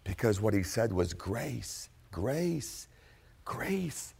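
A man's voice: on the low side, very animated, extremely slow, vocal fry, husky. Dramatic male preacher in his fifties. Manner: dramatic, repetitive, swings from loud to hushed. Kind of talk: sermon.

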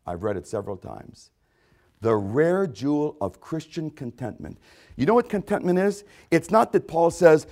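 A man's voice: on the high side, very animated, normal speed, darkish tone. A man preaching a sermon with emphatic repetitions, often acting out quoted voices. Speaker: pastor.

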